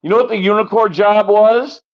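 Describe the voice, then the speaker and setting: A man in a casual chat who talks haltingly and repeats his words. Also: sits high, fairly even intonation. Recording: dull lo-fi sound.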